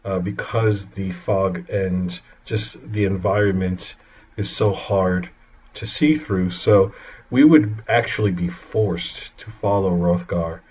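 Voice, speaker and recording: Slow, deliberate male player. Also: low voice, a little mellow, breathy edge, dull audio. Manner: deliberate, measured. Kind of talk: casual tabletop play.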